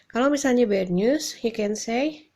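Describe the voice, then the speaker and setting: A woman teaching an online English lesson, slow and hesitant with many fillers. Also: fairly high pitch, expressive, darkish tone. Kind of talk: online lesson explanation mixing Indonesian and English.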